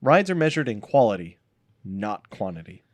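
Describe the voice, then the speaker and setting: A male podcast co-host with a wry, lively way of speaking that moves around in pitch. His voice is recorded close and dry, and he likes to quote rules and rib the others. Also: normal speed, dry recording, highs cut off. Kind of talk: casual chat.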